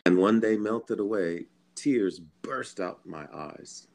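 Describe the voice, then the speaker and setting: Low-voiced guy from philly telling his story on a podcast call, earnest, chuckles a lot. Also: slow pace, gravelly. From Philadelphia, USA. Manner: earnest, animated storyteller, chuckles between lines, repeats words. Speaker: guest musician. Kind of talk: personal storytelling in a podcast interview. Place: at home.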